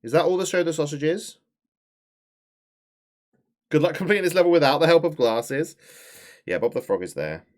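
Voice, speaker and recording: A man's voice: on the high side, normal speed, long pauses. Casting: man, game streamer, chatty and swearing, voice that leaps up and down. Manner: animated, chatty, swears, talks to chat. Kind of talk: live-stream gameplay commentary.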